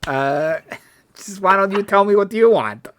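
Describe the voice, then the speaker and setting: A man voicing a scheming male crime boss in a slow, made-up accent in a tabletop game. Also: mid-range voice, very animated, sharp tone, a little hiss or hum, full character voice. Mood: coaxing. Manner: slow drawling put-on accent.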